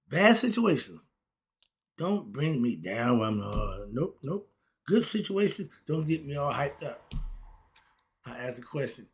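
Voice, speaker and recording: A man's voice: mid-range voice, breathy edge. A man giving a casual spoken lecture on self-knowledge and happiness, in a preachy way that asks questions and answers them himself. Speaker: self-help philosophy talk host.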